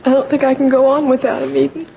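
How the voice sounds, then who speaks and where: Grieving young woman, high voice, tearful and defensive, soap drama. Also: level tone, fast talker, gravelly, phone-quality sound, background noise. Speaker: actor in a TV soap opera. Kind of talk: 1980s TV soap acting.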